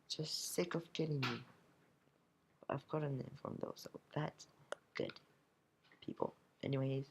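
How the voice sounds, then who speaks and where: Teen boy mumbling and cursing at his game, slow and croaky, muffled cheap headset with a faint hiss. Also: medium pitch. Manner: grumbling, swearing, drops to whispers. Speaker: gamer opening card packs. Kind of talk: casual gameplay commentary.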